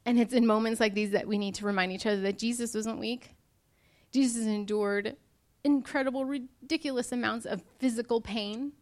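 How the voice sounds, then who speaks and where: A woman's voice: on the high side, a little mellow. A young woman preaching a sermon to her church, earnest and emotional as she speaks to the congregation.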